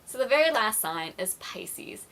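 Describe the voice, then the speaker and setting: A woman vlogger talking casually straight to her viewers, voice bright and forward. She rambles with lots of "like" fillers, keeps apologizing, and slips into quick acted-out snippets of conversations. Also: on the high side, very animated. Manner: chatty, filler-heavy, apologetic, acts out quoted exchanges. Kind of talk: casual vlog chat to camera.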